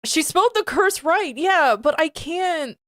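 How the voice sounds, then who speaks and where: High-voiced, giggly woman streamer. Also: animated, measured pace, a bit bright, no room sound, studio quality. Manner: giggly and incredulous, often breaking into laughter. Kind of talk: casual live-stream reading commentary.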